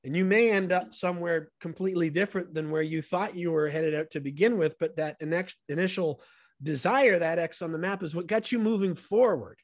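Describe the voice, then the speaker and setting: A man's voice: on the high side, brisk, dry recording, clean studio sound. A man, a guest on a podcast, telling stories in an earnest and enthusiastic way. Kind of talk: casual storytelling conversation.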